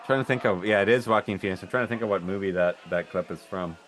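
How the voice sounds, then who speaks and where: A lowish male voice, relaxed and agreeable, hosting a chat among friends. He fills with lots of yeahs and loose asides, with a faint hiss behind him. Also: fast. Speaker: host. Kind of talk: casual group chat.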